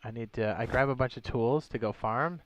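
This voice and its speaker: A man's voice: mid-range voice, brisk, lo-fi sound, slight background noise. A young man casually chatting on a gaming livestream, thinking aloud as he builds and greets viewers. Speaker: streamer.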